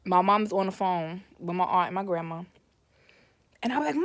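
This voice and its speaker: A woman's voice: lowish voice, lively intonation, normal speed, pauses often, dry recording. A woman telling a personal story in a casual, rambling way, often correcting herself and livening up when she quotes her family. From Brooklyn, New York.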